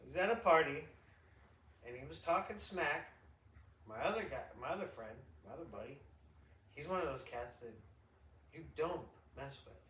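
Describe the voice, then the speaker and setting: Middle-aged guy telling stories on a podcast, bright voice, kinda high, laughs a lot, roomy echo. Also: moderate pace, pauses often. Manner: animated storyteller, laughs often, rambling restarts. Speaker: podcast host. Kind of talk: casual chat. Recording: roomy echo, distant mic.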